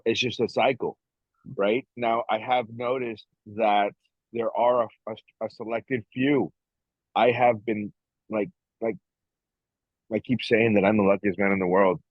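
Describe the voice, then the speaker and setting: A man's voice: fairly low pitch, no echo, highs cut off. A middle-aged man co-hosting a podcast, rambling with many restarts as he talks proudly about his son. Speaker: podcast co-host. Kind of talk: casual motivational chat.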